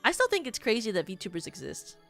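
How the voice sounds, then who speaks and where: A woman's voice: fairly high pitch, wildly swooping pitch, fairly quick, gravelly, fairly bright tone, soft background music. Giggly rambling woman streamer. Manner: giggly, rambling, heavy use of "like". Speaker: VTuber streamer. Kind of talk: casual stream chat, rambling hypotheticals.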